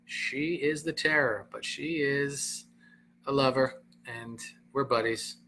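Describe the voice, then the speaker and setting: Bright-voiced man telling a story. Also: medium pitch, takes it slowly, a little hiss or hum. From Southern Florida. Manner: animated, acts out quoted voices, frequent laughter. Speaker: comedian and host. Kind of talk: casual storytelling on a livestream.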